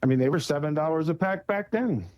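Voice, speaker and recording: A man's voice: a little high, animated, fast, dry recording, muffled recording. A man chatting casually on a podcast, playful and full of fun facts. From Texas not birthplace. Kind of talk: casual chat.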